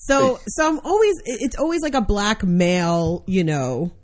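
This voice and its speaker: A woman hosting a podcast in casual chat, talking in an emphatic, animated way. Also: medium pitch, moderate pace. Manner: animated, emphatic, trails off into hums. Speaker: podcast host.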